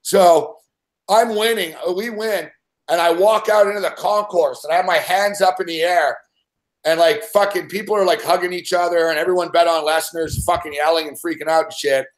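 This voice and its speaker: A man hosting a betting show, telling a story in a rambling, excitable way and swearing constantly. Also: high-pitched, normal speed. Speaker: sports betting show host. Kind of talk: profane casual storytelling.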